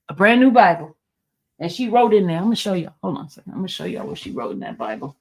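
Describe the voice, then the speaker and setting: A woman's voice: on the low side, animated, brisk. A woman host telling viewers a personal story in a chatty, rambling way, with many fillers and restarts. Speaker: YouTube host.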